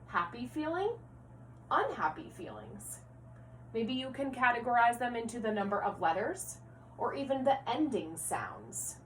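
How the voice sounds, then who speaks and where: A woman first-grade teacher leads a reading lesson at a slow, patient pace, spelling words out letter by letter. Her fairly high voice sounds set back from the microphone. A faint hum runs under it. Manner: slow, clear, encouraging classroom delivery, spelling words out letter by letter. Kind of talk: recorded reading lesson for young children. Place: home, near her rocking chair. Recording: distant mic with faint hum.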